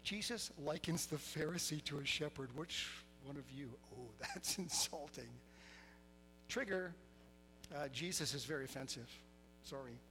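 A middle-aged man preaching a sermon, telling stories with lively quoted voices and laughter. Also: a little high, normal speed, soft background music, low-quality recording. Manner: animated storytelling, laughing, voicing quotes. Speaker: pastor.

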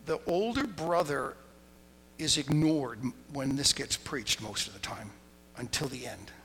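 A man preaching a sermon, telling the story with lively asides and acting out quoted voices. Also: mid-range voice, unhurried. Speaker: pastor. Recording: hall reverb, faint noise.

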